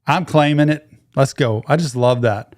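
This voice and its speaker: A man's voice: mid-range voice, moderate pace. Enthusiastic man reacting over music. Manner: enthusiastic, reflective, talks over the track. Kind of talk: casual music reaction commentary. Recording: music playing in the background.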